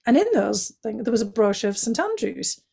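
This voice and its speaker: Northeast english woman, gravelly voice, chatty storyteller, lots of "you know". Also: on the high side, fairly quick. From Northeast England. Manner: chatty, many "you know" fillers, animated quoting of others. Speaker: guest. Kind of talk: reflective storytelling in conversation.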